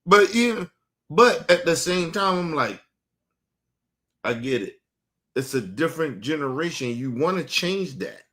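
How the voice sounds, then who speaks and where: A man's voice: a little high, measured pace, pauses often. A man in his thirties hosting a casual streamed podcast, talking loosely and profanely, acting out quotes as he tells stories. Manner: profane, animated storytelling with acted-out quotes. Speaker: podcast host. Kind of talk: casual chat. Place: home studio, streaming.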